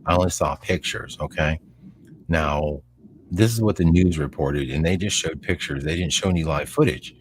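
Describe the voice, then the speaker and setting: A man with a very low, deep voice rambles through a casual podcast conversation, full of fillers and asides. A faint background hum sits under the talk. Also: moderate pace. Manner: rambling, animated, lots of fillers. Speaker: podcast co-host.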